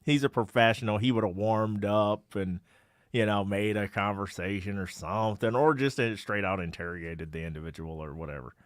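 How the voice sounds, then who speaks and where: A man co-hosting a podcast, recapping a TV episode in a relaxed chat and laughing easily. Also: on the low side, a little fast, no echo, studio quality. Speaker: podcast co-host. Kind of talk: casual episode review chat.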